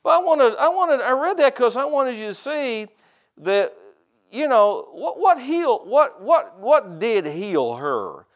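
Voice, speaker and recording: Here an older pastor delivers a sermon at a measured pace, his voice extremely high and marked by big pitch swings. He talks in a folksy, conversational manner, frequently repeating and restarting words and performing the voices of people he quotes.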